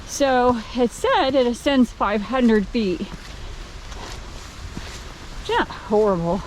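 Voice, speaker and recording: An older woman, vlogging a hike, chats casually as she films a forest trail beside roaring water and points out what she sees. Her voice is a little high with big pitch swings. The audio is poor, recorded on an outdoor camera that clearly picks up rushing water.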